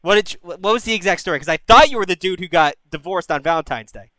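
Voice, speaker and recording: A man's voice: sits high, expressive, fast, pushed and bright, no room sound, rough recording. A man hosting a call-in advice show, giving blunt, profane, bro-style advice to callers. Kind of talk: casual live-stream call-in advice.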